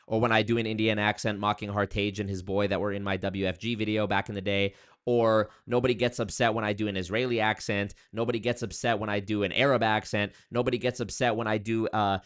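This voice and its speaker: A man hosts a live-stream commentary show, reading the chat out loud and reacting with animated, jokey energy. His pitch leaps way up whenever he shouts out and hypes his viewers.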